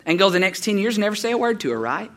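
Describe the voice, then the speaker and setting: A man preaches in quick, lively bursts and tells folksy stories. His voice sits high and sounds bright and forceful. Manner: animated, folksy storytelling. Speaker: pastor. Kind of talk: sermon with storytelling.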